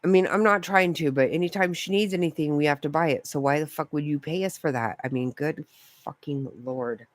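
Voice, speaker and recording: A female vlogger with a low voice rants and rambles to camera, brisk and with few pauses. She swears freely and laughs a lot, recorded close and dry without echo or room sound.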